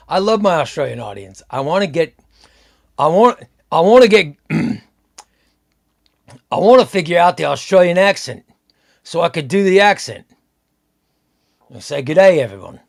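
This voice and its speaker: Gravelly, chatty male stream host. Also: on the high side, big pitch swings, unhurried, long pauses. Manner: rambling, repeats himself, reads out chat comments. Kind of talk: casual live-stream chat.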